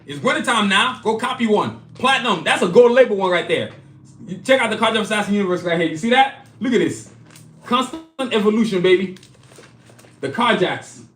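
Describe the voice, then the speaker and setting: A man hosting a live stream, pitching his own comic art and merch in a hyped, casual way, repeating himself and talking straight to viewers. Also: lively intonation, a little fast, a bit bright, reverberant. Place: indoor studio, clothing hanging behind him.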